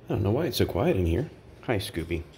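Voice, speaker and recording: Indoors, a bird sanctuary caretaker coos baby talk at pet parrots in a casual vlog, tossing in asides to viewers. The voice is low, gravelly, and sing-song at a quick pace, with background noise and loud music playing behind.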